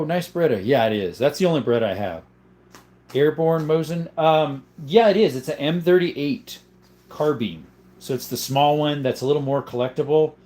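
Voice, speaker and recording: Reading viewer comments aloud and replying casually, a young adult male livestream host speaks with a fairly high-pitched voice and a darkish tone.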